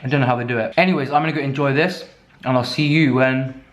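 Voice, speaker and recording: A man's voice: mid-range voice, fairly even intonation, quick pace. A young man from the UK chatting enthusiastically to camera about his food, casual and self-mocking. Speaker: vegan food vlogger.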